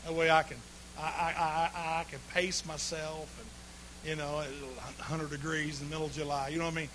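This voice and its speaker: A man preaching a humorous sermon, telling folksy stories with sudden bursts of shouting and laughter. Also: fairly high pitch, flat delivery, a little fast, background noise.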